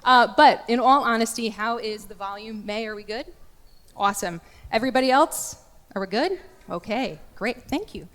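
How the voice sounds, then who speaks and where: A woman giving a candid, lively lecture as a guest speaker, joking with her audience. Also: on the high side, normal speed. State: getting choked up. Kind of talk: lecture talk. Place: large church. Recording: echoey church hall.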